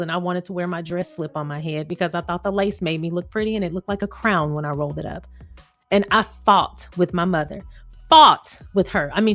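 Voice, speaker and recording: A woman gives casual commentary in a sassy, sarcastic voice. Her pitch sits in the middle for a woman, and she tells lively stories with bits of laughter. Soft music plays faintly under her talk. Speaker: commentary host.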